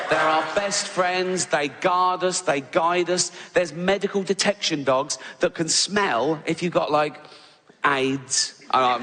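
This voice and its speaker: A man's voice: a little high, very noisy. A man doing stand-up comedy, rambling and self-interrupting, with lots of swearing. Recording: reverberant live venue with loud ambience.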